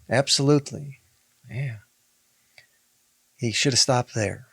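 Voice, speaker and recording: A man's voice: mid-range voice, wildly swooping pitch, very slow, creaky, long pauses, fairly bright tone, slightly rough, dry recording, clean studio sound. A man, a rabbi, in a podcast discussion, speaking emphatically, repeating key phrases and reading scripture aloud.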